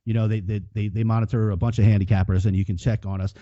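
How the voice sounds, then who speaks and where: Speaking quickly in a lowish, fairly flat, dark voice, a man co-hosts a sports betting podcast. He rambles, curses and keeps restarting his thoughts, captured in dull lo-fi audio with no room sound.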